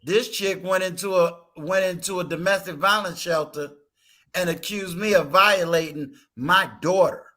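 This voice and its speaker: Man, host, casual talk, emphatic storytelling, rhetorical questions, bright edgy voice, a bit high. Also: moderate pace. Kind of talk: casual live-stream talk.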